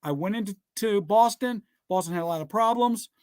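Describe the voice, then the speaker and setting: A man's voice: sits high, brisk, a little mellow, smooth, dry recording, clean studio sound. A man giving a motivational speech built on scripture, talking emphatically and often telling listeners to write things down. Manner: repeats "guess what" and "all right". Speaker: motivational speaker.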